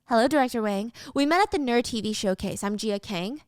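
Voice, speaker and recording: A woman's voice: a little high, animated, fairly quick, no echo, clean studio sound, natural voice. A woman voicing a determined young office woman in a drama recap, talking in a firm, controlled way.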